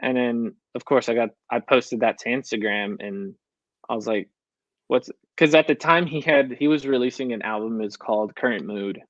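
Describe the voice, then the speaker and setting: A man's voice: medium pitch, normal speed, dry recording, muffled recording. Young man telling stories in a chatty ramble. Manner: storytelling, quoting himself with "I was like" often. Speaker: country recording artist, guest. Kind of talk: casual interview chat.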